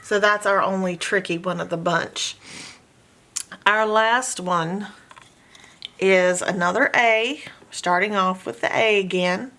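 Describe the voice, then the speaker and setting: A woman's voice: mid-range voice, steady tone, slow pace, pushed and bright. A woman teaching a phonics lesson, patiently sounding out letters and words in repeated drills. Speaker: homeschool reading teacher.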